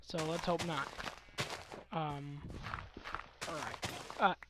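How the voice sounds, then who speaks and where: A man's voice: fairly high pitch, steady tone, takes it slowly. Scratchy-voiced young man ranting casually. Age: young adult. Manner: rambling, ranting, self-correcting. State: hoarse, coming down with a cold. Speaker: let's play commentator. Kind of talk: casual rambling game commentary. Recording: faint background noise.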